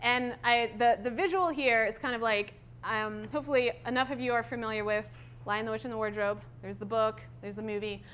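A woman's voice: fairly high pitch, fairly even intonation, brisk, fairly bright tone, slight background noise. A woman in her thirties giving a conference talk on stage, candid and conversational with many fillers. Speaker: conference speaker.

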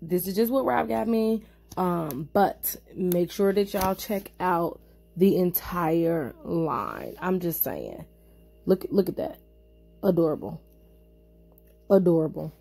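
A woman's voice: fairly low pitch, slow, gravelly. Sassy, effusive woman vlogger. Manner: animated, sassy and effusive, addresses viewers as y'all and honey. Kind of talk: casual vlog chat.

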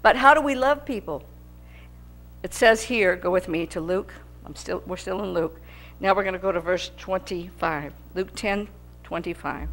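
A woman's voice: fairly low pitch, moderate pace, a bit bright. A woman teaching a Bible lesson in an earnest, repetitive preaching manner, sometimes rising in volume for emphasis. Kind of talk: sermon teaching.

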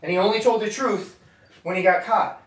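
A man's voice: high voice, moderate pace. A man giving an emphatic, conversational sermon to a gathering in a meeting room. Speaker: preacher. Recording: echoey room, voice from far off.

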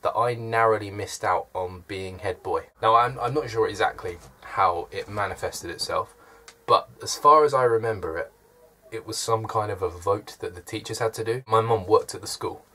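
A man's voice: fairly low pitch, moderate pace, bright, forceful tone. A man, chatting to camera from his room with dry, self-deprecating humour. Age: early 20s. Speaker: vlogger. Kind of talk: casual chat to camera.

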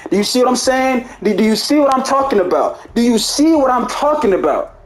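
A man's voice: very high voice, expressive, brisk. Angry gamer guy ranting at his viewers, voice jumps all over, echoey room. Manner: angry, profane, repeats himself, ends lines with "bro". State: heated. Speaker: gaming YouTuber. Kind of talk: heated gameplay rant to viewers.

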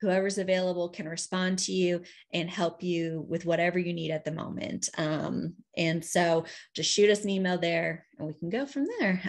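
A woman presenting casually on a video call, chatty and heartfelt, with many fillers. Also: mid-range voice. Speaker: state program director.

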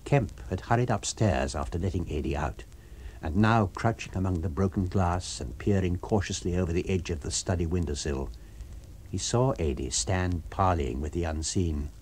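A man narrating an abridged novel for radio in a measured, expressive storytelling manner. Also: deep voice, slight background noise. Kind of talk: abridged audiobook reading for radio.

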